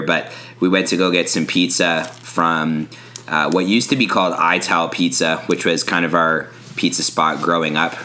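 A man's voice: low voice, sharp tone, slight background noise. A young man from Canada co-hosting a casual podcast, joking and laughing often. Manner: joking, laughs often, drinks while talking. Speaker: podcast co-host.

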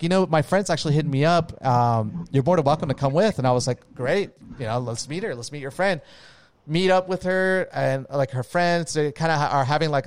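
A man's voice: a little high, clean tone, no echo. Casual man, dry close sound. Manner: rambling, says "dude" and "like" often, swears casually. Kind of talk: casual chat.

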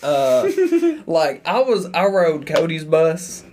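A man's voice: a little high, very animated, takes it slowly, a little mellow, slight background noise. A man co-hosting a podcast who chats casually and tells stories, laughing often. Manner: laughing, storytelling. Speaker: podcast co-host. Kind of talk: casual chat.

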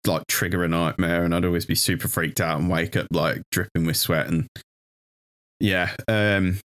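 Man, very deep voice, hesitant, lots of fillers, casual podcast chat. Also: fairly even intonation, moderate pace, a bit bright. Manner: hesitant, many fillers and restarts. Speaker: podcast co-host. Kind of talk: casual conversation.

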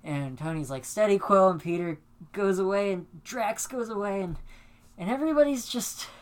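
A woman co-hosting a casual chat show, retelling a film scene in an animated, profane way, acting out the dramatic moments. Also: medium pitch, moderate pace. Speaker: podcast co-host.

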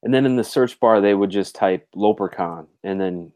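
A man's voice: lowish voice, normal speed, a little mellow. A man hosting a casual podcast over a video call, easygoing and curious, often calling his co-host "dude".

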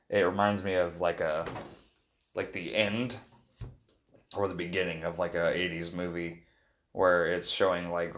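Male co-host, very low voice, relaxed joking storyteller. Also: slight background noise. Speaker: podcast co-host. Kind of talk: casual chat.

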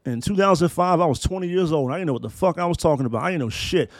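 A man's voice: a little high, rapid-fire, dry recording. A man in his thirties hosting a solo podcast, talking in emphatic, profane, preacher-like build-ups. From Maryland, US. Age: 30s. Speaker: podcast host.

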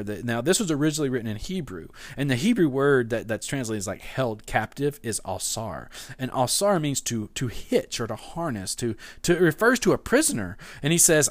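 A male pastor delivering a sermon in an easygoing, chatty manner, leaning on fillers as he talks it through. His voice swings lively up and down in pitch. The sound is close and dry, with no room around it. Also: normal speed, hardly any pauses, no echo. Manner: conversational, animated, with frequent fillers.

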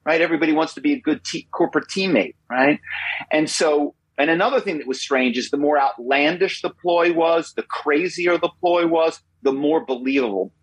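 A man in his fifties, a guest in an interview, telling stories in an animated way, often repeating himself and adding tag questions. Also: fairly high pitch, normal speed, slightly rough, dry recording, low-quality recording. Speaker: guest, former corporate spy. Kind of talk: interview storytelling.

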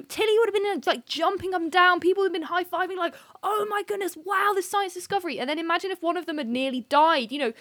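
Woman podcast co-host, high pitch, ranting and sweary in casual chat. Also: fairly bright tone, no echo, studio quality.

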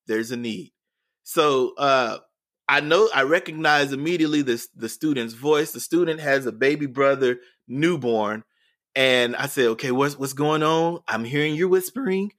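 Male educator guest, earnest storyteller, mid-pitched, repeats himself as he builds. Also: a little slow, fairly bright tone. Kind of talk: storytelling in a podcast interview.

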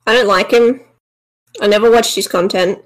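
A woman's voice: mid-range voice, steady tone, normal speed, rough recording. A woman co-hosting a casual commentary podcast in a mid-range voice. She gives blunt, dismissive opinions in a plain conversational way. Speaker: podcast co-host.

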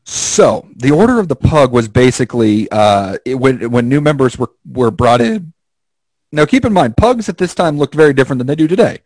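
Dry, animated storyteller man. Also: medium pitch, normal speed, no room sound, rough recording. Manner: animated storyteller, swears a lot, acts out quotes. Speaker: podcast co-host. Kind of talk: casual chat.

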